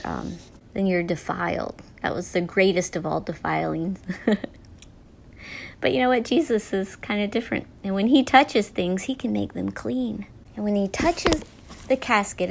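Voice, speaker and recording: A woman's voice: medium pitch, creaky. A woman hosting a devotional talk while she paints, telling the story earnestly and often dropping to a near whisper. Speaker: host.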